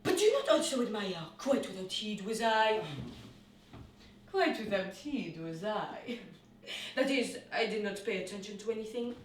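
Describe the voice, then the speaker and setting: A boastful, theatrical young male nobleman, played by a woman, in a stage comedy, swooping through lively exclamations. The voice is heard from a distance in a roomy studio, with faint background noise. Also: medium pitch, normal speed, lightly acted. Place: studio room.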